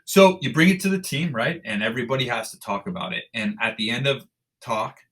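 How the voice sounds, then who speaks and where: A man telling a story as a podcast guest, animated and blunt, swearing casually and restarting sentences. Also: medium pitch, a little fast. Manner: animated storyteller who acts out dialogue, with frequent restarts. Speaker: podcast guest, endurance athlete. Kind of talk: storytelling in an interview.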